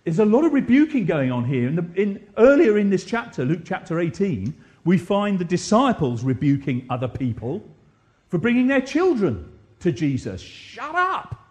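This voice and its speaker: Preaching in church at a moderate pace, a man's high voice swoops broadly as he presses each point. He's animated, keeps putting questions to the congregation, and repeats his key lines for rhetorical emphasis.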